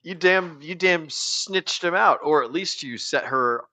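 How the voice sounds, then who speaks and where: A man hosting a casual chat, cutting in with quick, wry remarks and casual swearing. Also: on the high side, sharp tone. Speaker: podcast host.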